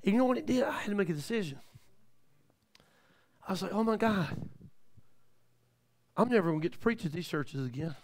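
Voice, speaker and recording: A man in his fifties preaching a live church sermon, telling stories in a folksy way with many amens. He swings from quiet asides to shouted peaks. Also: sits high, expressive, a little fast, long pauses. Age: 50s. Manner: folksy, with frequent amens and praise the lord.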